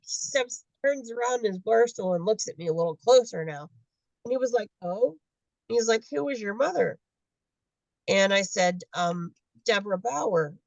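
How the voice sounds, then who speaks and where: A woman's voice: mid-range voice, no room sound, rough recording. Woman storytelling on a video call. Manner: animated, acts out dialogue in quotes. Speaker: guest adoptee.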